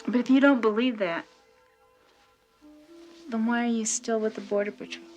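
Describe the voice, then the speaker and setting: Woman playing a curious gal at a bar, slightly high voice, asks short pointed questions. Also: steady tone, normal speed, a little mellow, soft background music, lightly acted. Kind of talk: film dialogue.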